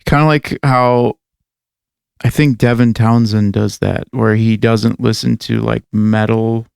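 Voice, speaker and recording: A man's voice: on the low side, steady tone, a little slow, vocal fry, darkish tone, smooth, no echo, studio quality. A man co-hosting a podcast, rambling casually with lots of fillers and swearing. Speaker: podcast co-host and metal musician. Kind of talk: casual chat.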